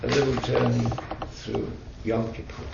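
Gravelly man teaching in an echoey room. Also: medium pitch, little pitch movement, normal speed, very noisy. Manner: patient, explanatory, with chatty asides. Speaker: religious teacher. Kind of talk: explanatory talk to a group. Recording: echoey room, distant mic, dull sound.

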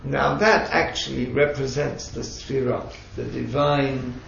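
A man's voice: medium pitch, little pitch movement, a little slow, creaky, a bit bright, slight background noise. A man teaching a group, explaining patiently with chatty asides. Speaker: religious teacher. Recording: echoey room, distant mic, dull sound.

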